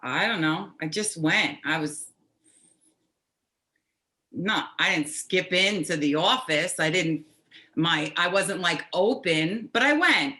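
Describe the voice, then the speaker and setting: A middle-aged woman from New Jersey tells a personal story as a patient, halting and restarting, wry and animated. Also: on the low side. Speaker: patient telling her story.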